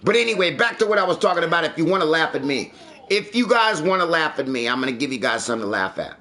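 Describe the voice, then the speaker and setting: A livestreamer with a slightly high, bright, pushed voice talks fast with big swings in pitch. He chats casually on a live stream and goes on rants packed with swearing.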